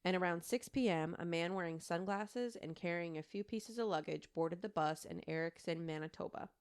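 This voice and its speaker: Her voice is on the low side, smooth and at normal speed as this woman in her thirties co-hosts a podcast. She chats casually through a true crime story, using plenty of fillers and laughing asides.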